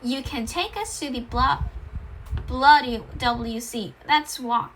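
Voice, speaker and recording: A grouchy, haughty old queen with a put-on British accent, speaking in the royal we, as a woman reading a storybook aloud puts her on. The voice is high and bright, and the delivery is imperious and bossy. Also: slow, slight background noise, low-quality recording.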